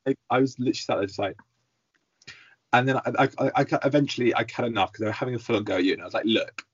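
Fast-talking husky young Englishman. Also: medium pitch, no room sound. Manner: rushed, jumps in, hurries the story along. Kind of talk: casual storytelling chat. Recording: slightly muffled, dry sound.

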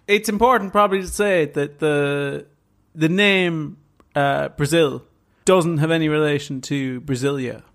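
A man's voice: fairly high pitch, vocal fry. A man co-hosting a podcast, reading a scripted story and then hedging playfully when he is questioned. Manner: reads in measured tones, then hedges and stalls playfully when questioned. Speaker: podcast co-host presenting the story. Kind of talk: scripted narration mixed with casual banter.

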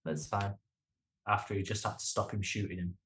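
A man's voice: fairly low pitch, level tone, fast, a bit bright. A man co-hosting a podcast in casual chat, adding short, wry remarks. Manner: wry, brief interjections. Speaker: podcast co-host.

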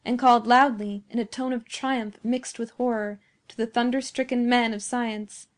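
A woman narrating a classic story as an audiobook, in a measured, expressive way. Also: on the high side. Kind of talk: scripted narration of classic fiction.

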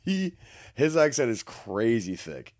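A man's voice: medium pitch, sing-song, slow pace, a little mellow, dry recording, clean studio sound. A man co-hosting a podcast, chatting casually in a crude, joking, swearing way. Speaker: podcast co-host. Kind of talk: casual chat.

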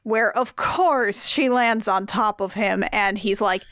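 A woman's voice: medium pitch, slow pace, a bit bright, no echo, clean studio sound. A woman on a podcast giving wry, joking commentary on a movie. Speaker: podcast co-host. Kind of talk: casual movie recap chat.

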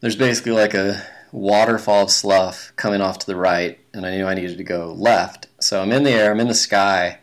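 A man's voice: sits low, steady tone, a little fast, hardly any pauses. A man telling a long story in a casual interview, rambling with plenty of fillers and restarts. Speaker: guest, big-mountain skier.

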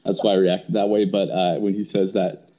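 A man playing a tabletop game, talking in an emotional, halting way and laughing often. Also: deep voice, flat delivery, dark tone, dull audio. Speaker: player. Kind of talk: tabletop role-play chat.

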